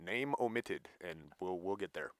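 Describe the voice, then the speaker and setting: A man co-hosting a casual podcast, teasing his co-host in a playful, lively way. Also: deep voice, moderate pace, dry recording, studio quality. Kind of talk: casual chat.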